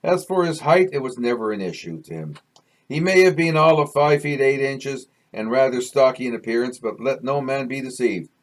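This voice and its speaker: A man's voice: medium pitch, lively intonation, moderate pace. A man from Canada reading his own novel aloud, chatting casually between passages and restarting sentences as he goes. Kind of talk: chatty book reading with asides.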